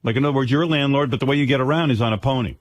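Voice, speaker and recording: A man hosting a radio show, pitching ideas in casual banter, rambling with restarts. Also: rapid-fire, no echo.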